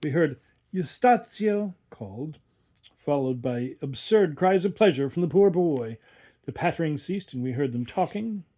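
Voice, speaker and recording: A man narrating a story in a measured, expressive reading. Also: fairly high pitch. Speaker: reader.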